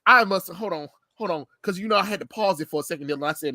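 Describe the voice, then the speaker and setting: A man hosting a casual pop culture chat, ranting with animated energy and plenty of swearing. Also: high-pitched, quick pace, hardly any pauses, no room sound, studio quality. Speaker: podcast host.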